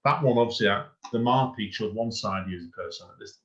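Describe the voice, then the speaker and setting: A man's voice: lowish voice, quick pace, a bit bright. A man hosting a podcast, chatting casually and heaping rambling praise on his guest, often restarting his sentences. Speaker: podcast host. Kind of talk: casual interview chat. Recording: dull lo-fi recording.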